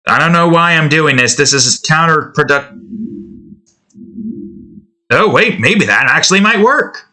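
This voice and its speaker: Slightly high and a little slow, this man's voice is expressive, pushed, and bright. He's a game developer vlogger editing his game's sound effects, casually thinking aloud, rambling, cutting himself off, and chuckling to himself.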